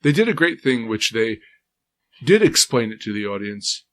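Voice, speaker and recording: Man, podcast co-host, measured, explaining, casual film chat. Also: medium pitch, very animated, a bit bright. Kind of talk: casual movie review chat.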